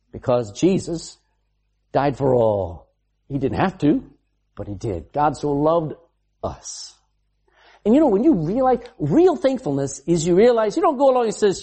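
A preacher in full sermon, with a mellow, husky voice that swoops from low murmurs to high exclamations. The delivery is emphatic, full of rhetorical questions thrown at the congregation and bits of quoted speech acted out in different voices. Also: very animated, unhurried.

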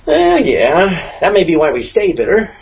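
A man leading a Bible class, his voice swinging up and down with lively emphasis as he quizzes the room. Slightly high for a man. The recording is dull and lo-fi. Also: measured pace, creaky, slight background noise. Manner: asks the class questions, lively emphatic delivery. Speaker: pastor teaching a Bible class. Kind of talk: conversational Bible teaching.

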